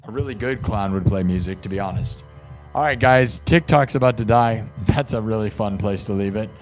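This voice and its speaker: A man's voice: on the low side, fairly quick, darkish tone, soft background music. A man hosting a live stream, chatting casually and rambling with lots of "like" and "dude.". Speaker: live-stream host and improv musician. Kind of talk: casual chat.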